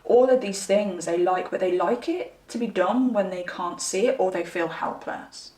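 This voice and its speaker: A woman's voice: medium pitch, moderate pace, dark tone, echoey room, recorded from a distance. A young woman chatting candidly to her viewers while giving a pick-a-card tarot reading. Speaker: tarot reader.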